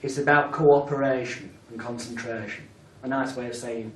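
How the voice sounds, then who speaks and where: Hypnosis trainer, distant and echoey. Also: male voice, mid-range voice, steady tone, normal speed, slight background noise. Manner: casual and blunt, with frequent swearing. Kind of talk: live workshop teaching with demonstration. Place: training room with audience. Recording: echoey room recorded from a distance.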